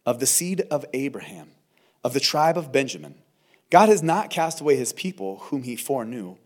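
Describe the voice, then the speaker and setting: Male pastor, slightly higher voice, conversational and earnest sermon delivery at a church service. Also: darkish tone. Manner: conversational, earnest, with frequent fillers and restarts. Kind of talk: verse-by-verse sermon.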